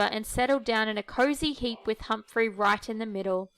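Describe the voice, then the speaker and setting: A woman reading a children's picture book aloud in a gentle, expressive way. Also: fairly high pitch, moderate pace, clear, resonant tone. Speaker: storyteller.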